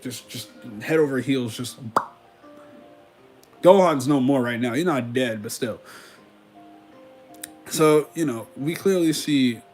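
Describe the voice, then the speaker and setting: A man's voice: mid-range voice, a little mellow. A man giving casual commentary on an anime, retelling scenes in slangy paraphrased quotes. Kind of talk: casual commentary with recapped dialogue.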